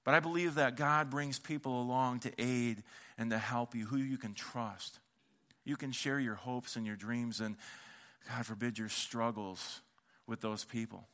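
A man's voice: medium pitch, fairly even intonation, unhurried, fairly bright tone. A man preaching a sermon as pastor, telling stories in a casual, conversational way and acting out the voices he quotes. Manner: conversational, with casual slang and repeated words.

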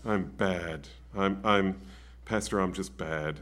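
A man's voice: sits low, slow pace, a bit bright, voice pushed down. A man, a pastor, voicing a remorseful woman who confesses her faults in a hesitant, stammering way. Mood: ashamed. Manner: hesitant, stammering self-blame.

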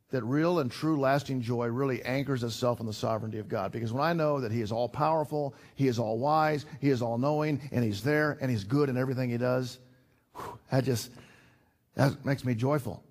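Older man, pastor, conversational sermon, earnest, average pitch, repeats himself. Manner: conversational, earnest, with repetitions and sudden emphatic rises.

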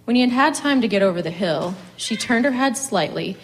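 A woman reading a story aloud in a measured, expressive way. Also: medium pitch, rough recording. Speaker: reader.

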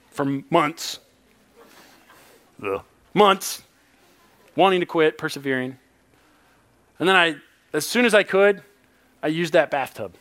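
A man in his thirties, a pastor, preaching a sermon with animated personal stories and laughing asides. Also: fairly high pitch.

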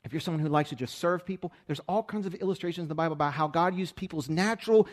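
A middle-aged man preaching a sermon, fast-talking and emphatic, swinging from loud bursts to hushed stretches. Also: high voice. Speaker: pastor.

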